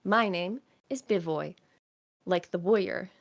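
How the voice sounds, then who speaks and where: A woman's voice: on the low side, unhurried, creaky. A woman voicing a shy young boy who talks to himself nervously and hesitates. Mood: proud. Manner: hesitant, nervous, self-coaching.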